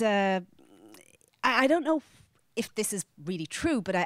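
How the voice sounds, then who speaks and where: Animated Irish woman telling a story. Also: fairly low pitch, no room sound. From Ireland. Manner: animated, with frequent restarts and acted-out quotes. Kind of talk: live personal storytelling to an audience. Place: media center storytelling event.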